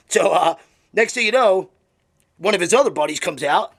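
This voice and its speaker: A man's voice: high voice, animated, moderate pace, a bit bright, husky. A man telling a long joke in a rambling, chatty way with many fillers. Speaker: comedian.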